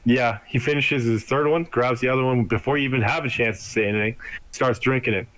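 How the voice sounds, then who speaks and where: A man's voice: mid-range voice, fairly even intonation, a bit bright, poor audio. Casual swearing game master man. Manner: casual, swears freely, quick narration. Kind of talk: narrating a tabletop game.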